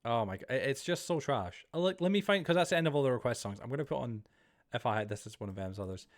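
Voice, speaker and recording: While playing on a live stream, a man chats and rambles to his audience, talking fast in an expressive, medium-pitched voice. Things make him jump easily.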